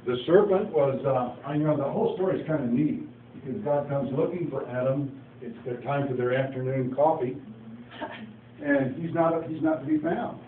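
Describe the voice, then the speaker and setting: Recorded on a distant phone, with echo, faint noise and thin, tinny sound, a mid-range male preacher speaks at normal speed. His informal Bible teaching is folksy, and he acts out the dialogue and adds asides.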